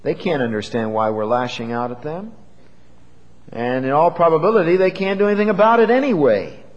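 Lively earnest preacher man in a hall. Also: fairly high pitch, highs cut off. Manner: earnest, measured, with rhetorical questions. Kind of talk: sermon. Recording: long hall reverb.

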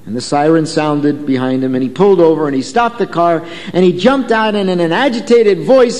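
A man's voice: on the high side, fairly quick, hardly any pauses, a little mellow, long reverb tail. A man preaching a sermon in a conversational way, telling a story and asking the congregation questions. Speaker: pastor.

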